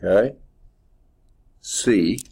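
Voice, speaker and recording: In a lowish, dark, creaky voice, a man teaches a math class at a very slow pace. The professor's lecture rambles as he thinks aloud, full of okays.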